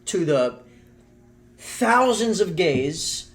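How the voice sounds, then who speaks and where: Wry, teasing podcast host, slightly high. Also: male voice, sing-song, drawn-out words, faint music behind. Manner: wry, teasing, swears often. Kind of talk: casual chat.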